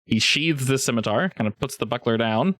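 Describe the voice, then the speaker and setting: A man narrating a tabletop game as game master, relaxed and halting, with many fillers. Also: medium pitch, no echo.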